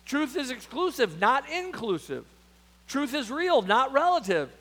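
A man preaching a sermon in a very high voice that swoops up and down with great life. He drives home key words with slow, stretched emphasis, then drops to hushed, close asides to the congregation. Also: sing-song. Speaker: pastor.

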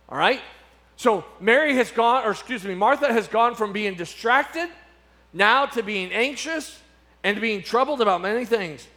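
A middle-aged man preaching from the pulpit in a high, ringing voice. He repeats his key phrases and leans into dramatic pauses. His volume rises and falls as he drives each point home. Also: expressive, sharp tone. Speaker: pastor. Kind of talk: sermon.

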